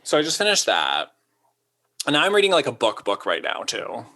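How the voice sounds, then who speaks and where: A man's voice: mid-range voice, huge pitch swings, sharp tone. A man co-hosting a casual podcast chat, rambling with lots of asides. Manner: chatty, quick asides, lots of "like". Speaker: podcast co-host.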